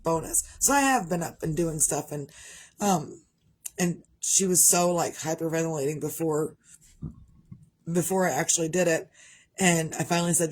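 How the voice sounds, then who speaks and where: A woman's voice: low-pitched, normal speed. A middle-aged woman talking candidly in a rambling, casual vlog monologue. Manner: rambling, candid, conversational with frequent restarts. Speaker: parent vlogger.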